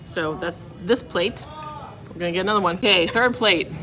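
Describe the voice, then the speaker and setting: A woman's voice: on the low side, moderate pace, sharp tone, soft background music. A woman food vlogger tasting dishes at a restaurant, talking candidly and scoring each one out of ten. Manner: chatty, candid, rates each dish out of ten. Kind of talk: casual food review. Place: restaurant dining room. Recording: restaurant background noise.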